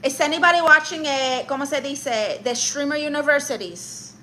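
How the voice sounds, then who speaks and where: A woman rants at her live-stream viewers in a sassy, mock-insulting way and peppers her talk with Spanish exclamations. Her voice is high and bright, and there is faint noise behind it. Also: moderate pace. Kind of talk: live stream comedy rant.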